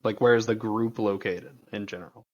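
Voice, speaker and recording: A man's voice: fairly low pitch, fairly even intonation, fairly quick, darkish tone. Guy playing a tabletop game, asks lots of questions, kinda muffled lo-fi mic. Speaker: player. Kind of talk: casual chat. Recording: dull lo-fi mic.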